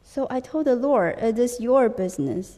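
Mellow-voiced woman interpreting a sermon. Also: on the high side, moderate pace, long reverb tail. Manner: steady, occasionally searching for words.

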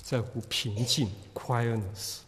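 A man preaching earnestly in a church hall, pausing for his interpreter and dropping in English words. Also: mid-range voice, steady tone, a bit bright. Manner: earnest, pauses for translation, drops in English words. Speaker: pastor. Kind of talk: sermon with interpreter.

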